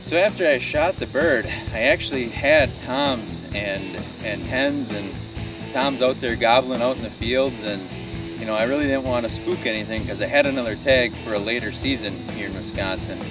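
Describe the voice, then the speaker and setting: Man, hunting host, relaxed storytelling, distant mic, guitar music behind. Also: medium pitch, normal speed. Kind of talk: recap voice-over.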